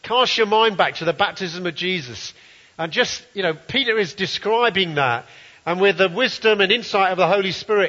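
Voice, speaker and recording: A man's voice: high-pitched, animated, normal speed, bright, forceful tone. A man preaching a sermon, reading scripture aloud and commenting earnestly. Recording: dull, roomy hall sound.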